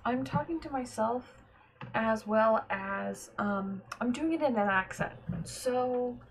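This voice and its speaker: A woman's voice: on the high side, takes it slowly, slight background noise. A woman streamer casually talking to herself while playing, muttering, trailing off and often half-whispering. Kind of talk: casual gameplay commentary.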